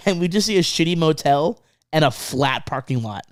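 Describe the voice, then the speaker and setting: A man telling a tour story in casual podcast chat, excited, swearing often, repeating himself and laughing mid-sentence. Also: a little high, moderate pace, no room sound, clean studio sound.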